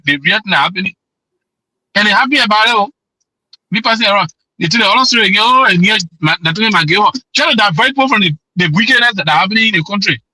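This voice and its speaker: A man's voice: high voice, bright, forceful tone, no room sound, rough recording. A man with a Liberian English accent calling in to give impassioned, repetitive political commentary. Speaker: caller.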